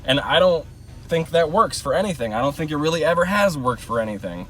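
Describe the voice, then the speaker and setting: A man's voice: fairly high pitch, animated, fairly quick, a bit bright, recorded from a distance. Rambling, blunt man ranting in a car. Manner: rambling, heavy on filler words, blunt and opinionated. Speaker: vlogger. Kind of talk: casual opinion rant. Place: inside a parked car.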